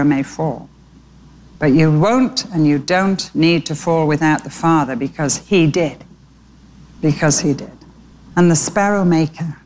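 Sex: woman. Role: preacher. Style: animated storytelling sermon, lowish voice. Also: slight background noise, low-quality recording.

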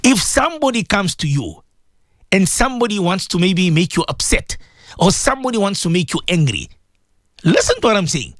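A man preaching a sermon to radio listeners, rhetorical and animated, acting out the voices he quotes. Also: high voice, moderate pace, dry recording, studio quality.

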